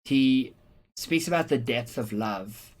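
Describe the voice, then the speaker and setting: Slow, patient rhetoric teacher. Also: medium pitch. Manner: explains patiently with examples, checks in with "okay?"; frequent "um" fillers and small restarts. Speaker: English teacher. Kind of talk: explanatory lesson on rhetoric.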